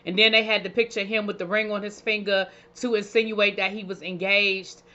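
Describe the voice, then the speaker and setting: A woman's voice: mid-range voice, fairly quick, dull audio. Sassy, chatty woman reviewer. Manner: chatty, sassy, animated with playful asides. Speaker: reality TV reviewer. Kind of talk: casual recap commentary.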